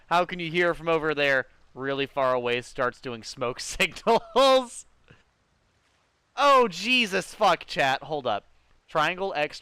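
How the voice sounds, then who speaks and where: Excitable young man streaming a game. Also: mid-range voice, smooth, no echo. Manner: excitable, swears often, talks to chat. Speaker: streamer playing a video game. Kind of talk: casual live-stream commentary.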